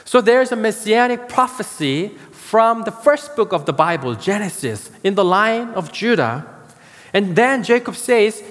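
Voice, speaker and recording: Slow, emphatic preacher with a lively voice. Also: male voice, sits high, big-room sound. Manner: slow, emphatic preaching with dramatic pauses on key words. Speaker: pastor. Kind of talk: sermon.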